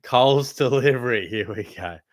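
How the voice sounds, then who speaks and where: A young Australian man hosting a casual live stream Q&A, answering viewers' fantasy football questions in a relaxed, blokey way and calling them mate. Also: mid-range voice, normal speed, dry recording. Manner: laid-back, blokey, calls viewers mate.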